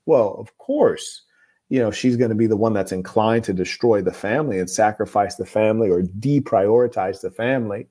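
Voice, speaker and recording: A man hosting an advice show, reading viewer letters aloud and giving blunt, moralizing opinions in a calm, lecturing way. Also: fairly low pitch, normal speed. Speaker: host.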